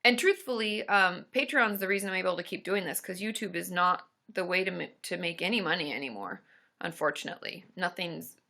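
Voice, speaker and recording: A woman's voice: on the low side, fairly quick, gravelly, sharp tone. A woman hosting a casual live stream, chatting with viewers and reading their comments in a rambling, friendly way. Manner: chatty and rambling, with many fillers and asides to viewers.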